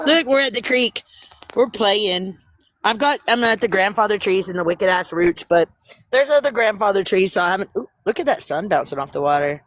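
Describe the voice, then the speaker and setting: A woman's voice: mid-range voice, brisk, no room sound. A woman chatting on a casual livestream outdoors by a creek, talking into a handheld phone in a playful, childlike way. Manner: playful, giggly, childlike banter. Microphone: phone held in hand.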